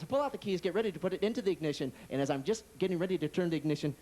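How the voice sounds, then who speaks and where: A male stand-up comic tells his story fast and with big swings of pitch. His voice sits high for a man. Faint noise hangs under this 1980s comedy club recording. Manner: animated, quick storytelling that jumps between voices.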